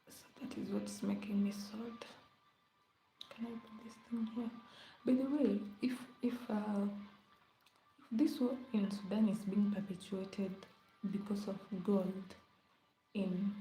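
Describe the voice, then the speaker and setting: A woman's voice: medium pitch, fairly even intonation, takes it slowly, long pauses, mellow. A woman chatting casually on a live stream, rambling and often dropping into a whisper. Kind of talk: casual late-night live chat. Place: indoor room at home. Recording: echoey room with faint ambience.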